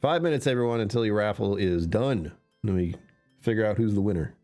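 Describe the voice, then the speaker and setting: Low-voiced man chatting on a live stream. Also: brisk, darkish tone, soft background music. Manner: chatty, reads and answers chat, laughs often. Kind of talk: casual live-stream chat.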